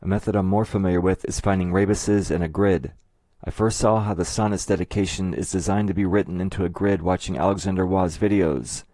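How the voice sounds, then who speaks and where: Male narrator for an explainer: deep voice, dry close-mic sound, measured and methodical. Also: fairly even intonation, dark tone, no echo. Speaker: video essayist.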